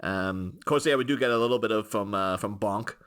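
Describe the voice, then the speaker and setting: A man's voice: lowish voice, brisk, a bit bright, clear, resonant tone. An English man co-hosting a podcast, chatting casually and rambling with frequent chuckles and restarts. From England. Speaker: podcast co-host. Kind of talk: casual chat.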